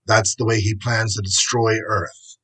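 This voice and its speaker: A man reading aloud voices a stern male superhero who leads the team with firm, rallying words, in a husky voice. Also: fairly low pitch, flat delivery, a little slow, a bit bright. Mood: serious.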